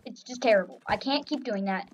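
A woman's voice: a little high, a little fast. A young woman commenting on her own gameplay, swinging between mock cheer and grumbling complaints. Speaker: gaming YouTuber. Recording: slightly dull lo-fi audio with faint noise.

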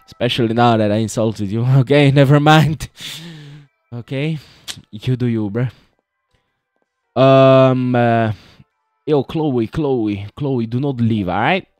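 A man's voice: mid-range voice, takes it slowly, pauses often, darkish tone, no echo, studio quality, soft background music. A young man joking his way through a horror game playthrough, chatting and calling everyone "bro". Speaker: gaming video host.

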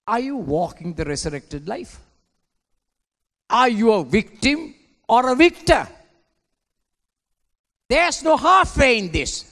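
A man preaching a sermon as a pastor, swinging between hushed lines and shouted ones. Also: sits high. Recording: long hall reverb.

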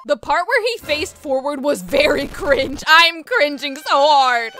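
A woman YouTuber who reacts excitedly to video clips, often bursting into laughter and loud exclamations. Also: sits high, a little slow, faint music behind.

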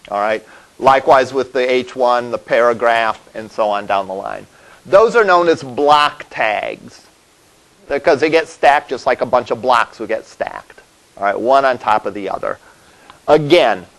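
A man's voice: mid-range voice, fairly bright tone, rough recording. A male college instructor giving a classroom lecture, explaining step by step and often checking in with "all right?". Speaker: college web development instructor.

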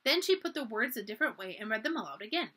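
A woman reading a children's book aloud for a library, expressive and lively. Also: on the high side, quick pace. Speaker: library storyteller.

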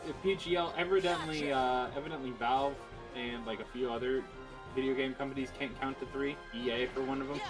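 A mid-pitched voice belonging to the host's friend, who rants in a sarcastic, profane way during casual chat. Game music plays loudly underneath. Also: fairly even intonation, a little fast. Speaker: co-host friend.

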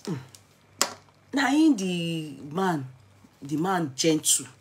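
A middle-aged woman with a Nigerian accent telling a story in a vlog, mixing Pidgin with English and rising into dramatic, excited exclamations. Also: lowish voice, slow, slight background noise. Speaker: vlogger.

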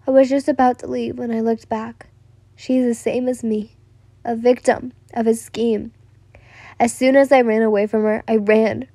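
A woman's voice: fairly high pitch, dark tone, no echo, studio quality. A young woman narrating a first-person listener story, stumbling and restarting now and then. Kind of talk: reading a listener-insert story.

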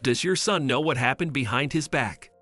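A man's voice: mid-range voice, moderate pace, faint music behind. A man playing a stern protective mother. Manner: sharp, scolding.

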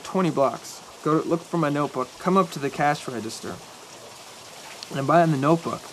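A young man in a film telling a rambling anecdote to a friend, halting and correcting himself as he goes. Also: on the high side, a little hiss or hum, lightly acted, rough recording. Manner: halting, hesitant, self-correcting.

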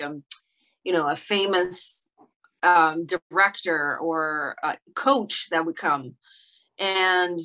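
A middle-aged actress talking through an interview in a reflective way, pausing often with fillers and restarting her sentences. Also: fairly low pitch, fairly bright tone. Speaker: actress guest. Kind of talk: casual interview conversation.

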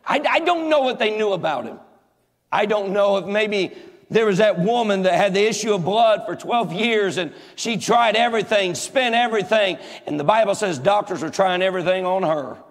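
A pastor preaching a sermon, folksy and joking, with emphatic repetition. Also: male voice, sits high, normal speed. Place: large church hall. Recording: echoey church hall.

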